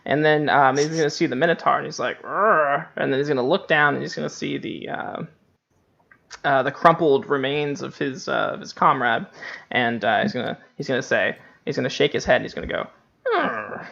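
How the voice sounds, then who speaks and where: Gravelly-voiced male dungeon master, easygoing and rambling, on muffled lo-fi stream audio. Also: medium pitch, fairly even intonation, fairly quick, a bit bright. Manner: laughs often, many fillers. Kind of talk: narrating a tabletop game.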